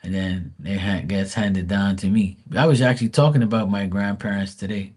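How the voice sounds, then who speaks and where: A man in his forties with a lowish voice, talking loosely and profanely as he reads tarot live. He rambles from story to story, relaxed and unpolished. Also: moderate pace, slightly rough. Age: 40s. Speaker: live stream tarot reader. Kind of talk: casual live-stream chat.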